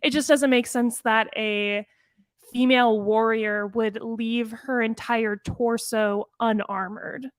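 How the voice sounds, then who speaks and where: A woman co-hosting a podcast, reviewing a cartoon episode in casual chat, animated and quick, full of "like". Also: fairly high pitch, clean tone, no room sound. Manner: animated, quick bursts, frequent "like". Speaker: podcast co-host.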